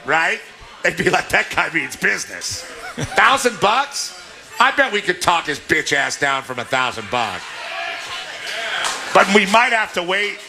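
Speaking in a high-pitched, sharp voice, a Southern California man hosts a live sports radio remote from inside a restaurant, joking around and laughing often.

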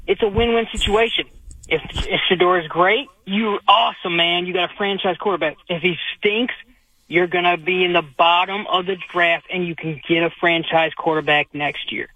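High-voiced male caller on a dull line. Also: fairly even intonation, normal speed, no echo. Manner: blunt, stammers on restarts, says "man" and "dude". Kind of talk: opinionated call-in chat. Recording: dry, dull phone-line audio.

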